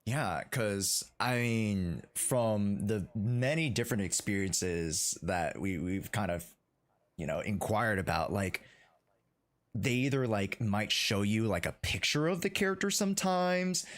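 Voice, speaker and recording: Very deep-voiced male interview host. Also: unhurried. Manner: relaxed, many fillers and restarts. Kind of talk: casual interview.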